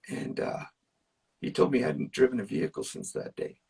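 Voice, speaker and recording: A man's voice: medium pitch, wildly swooping pitch, a little fast, vocal fry, darkish tone, husky, distant mic. A man, a musician guest, telling personal stories in casual chat, earnest and emphatic, with plenty of fillers. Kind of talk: casual storytelling.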